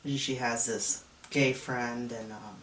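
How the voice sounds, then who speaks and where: Man in his thirties, slow confessional testimony, mic set back in a roomy space. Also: mid-range voice, steady tone, fairly bright tone, a little hiss or hum. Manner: reflective, confessional storytelling. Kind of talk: personal testimony vlog. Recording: echoey room, mic at a distance.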